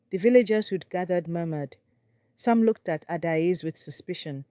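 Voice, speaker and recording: Low mellow woman narrating a folktale. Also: moderate pace, clean tone, no room sound. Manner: suspenseful, dramatic. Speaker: storyteller.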